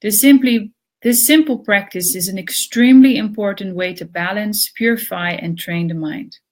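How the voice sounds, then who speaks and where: A woman co-presenting a yoga lesson, reading the commentary aloud in a steady, measured way. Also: medium pitch.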